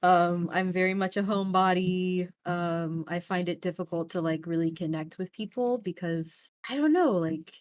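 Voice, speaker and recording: A young woman with a fairly low voice speaks as a guest in a relaxed interview. Her delivery is animated, jumping up and down in pitch, and full of "like" and "um". The sound is dry and close, with no room in it. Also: moderate pace, few pauses, dry recording. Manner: animated, jumps between high and low, many fillers. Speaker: streamer and voice actor, interview guest. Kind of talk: casual interview chat.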